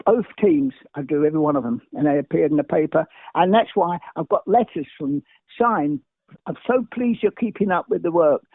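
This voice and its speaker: Over a dry, tinny, phone-like line with no echo, an older man from England shares story after story as a guest. He talks very fast, jumping from tale to tale, stumbling and restarting. His voice is a little high and expressive.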